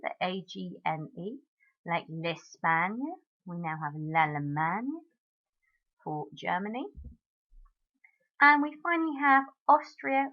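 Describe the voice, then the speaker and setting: A woman French teacher talking her class through marking answers in a recorded lesson, modelling each French word clearly. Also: on the low side, highs cut off.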